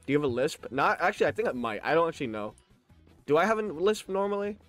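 A young streamer in his late teens, talking in a slightly high, very lively voice. His mouth is held open by freshly adjusted braces, so every word comes out slurred, wet and lisping. He jokes with his chat, laughs often and trips over his own restarts. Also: quick pace, soft background music. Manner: chatty and joking, laughs often, stammers on restarts. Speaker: live streamer. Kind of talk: casual live-stream chat, reading chat aloud.

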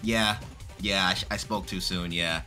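A man reading a comic aloud and reacting with animated, excitable commentary. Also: low-pitched, moderate pace, soft background music.

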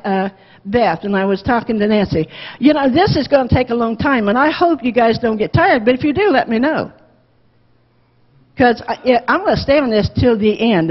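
A woman teaching a Bible lesson to a Sunday school class, lively, acting out the quotes and asking the class questions. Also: a little high. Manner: animated, acts out quotes, asks class questions. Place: church classroom. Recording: dull lo-fi with long church reverb.

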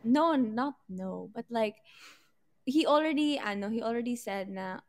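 A woman's voice: on the high side, animated, unhurried, darkish tone. A young woman with a Filipino accent, chatting casually and hesitantly on a live stream, switching between English and Tagalog and giggling often. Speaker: guest.

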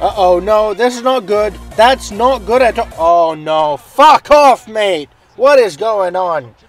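Excitable gaming host, high-pitched man, faint music underneath. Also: poor audio. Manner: excitable, swears a lot, shouts at plays. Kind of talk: video game commentary.

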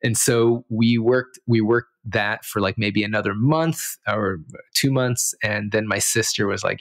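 A man's voice: fairly low pitch, steady tone, unhurried, vocal fry, a bit bright, dry recording. A man who grew up in Israel, a podcast guest telling a childhood story in a rambling, self-amused way with many fillers. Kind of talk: casual storytelling.

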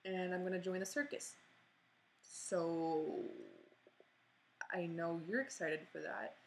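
A woman's voice: lowish voice, steady tone, takes it slowly, pauses often, slight background noise, rough recording. A woman rambling through an awkward, self-mocking apology video at home, recorded on her computer. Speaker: vlogger. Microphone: computer mic.

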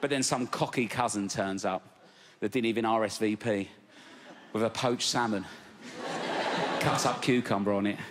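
Cheeky South East London comic. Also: male voice, fairly low pitch, normal speed, heavy background noise. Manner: brash, cheeky, punchy. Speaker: stand-up comedian. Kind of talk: stand-up routine. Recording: live club, loud crowd laughter.

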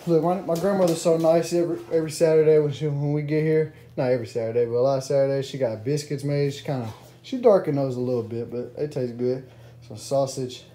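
A man's voice: mid-range voice, mellow, slight background noise. A young man talking casually in a vlog, laid-back, with lots of repeated slang fillers. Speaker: vlogger.

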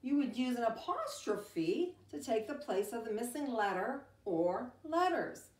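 A middle-aged woman teacher reading a picture book to young children, animated and exclaiming. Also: fairly high pitch. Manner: animated, gasping and exclaiming, speaks slowly and sing-song to young children. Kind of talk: storytime read-aloud lesson. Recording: roomy, from a distance.

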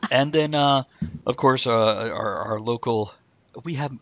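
A man's voice: medium pitch, unhurried, a bit bright, muffled recording. A man hosting a casual podcast chat, rambling and teasing with frequent laughs. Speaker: host.

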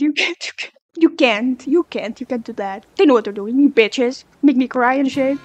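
A young woman hosting a music video reaction, excitable and swearing freely, singing along and shrieking in delight. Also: high-pitched, normal speed, hardly any pauses. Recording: faint music playing behind her voice.

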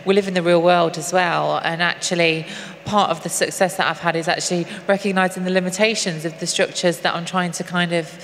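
A woman's voice: fairly low pitch, steady tone, a bit bright. A woman activist speaking earnestly on stage at a live event, often restarting her sentences. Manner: earnest, halting with frequent restarts. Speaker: activist and guest. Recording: long hall reverb, faint noise.

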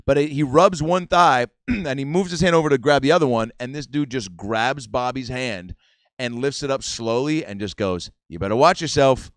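A man's voice: medium pitch, normal speed, no room sound. A man hosting a podcast, telling a long story casually and acting out the quotes. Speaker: podcast host. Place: comedy club room.

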